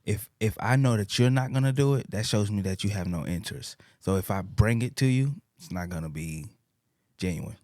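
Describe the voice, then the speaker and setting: A man's voice: fairly low pitch, a little fast, darkish tone, no room sound, studio quality. A man in a casual chat, talking reflectively and searching for his words.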